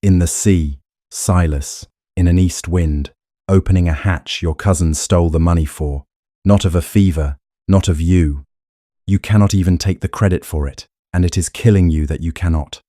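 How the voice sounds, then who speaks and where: A proud young countess of twenty-nine, voiced by a man reading the story, laying out her terms in a firm, measured way. The voice sits low and mellow. The recording is close and dry. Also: no room sound. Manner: firm, measured, plain-spoken. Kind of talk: audiobook character reading.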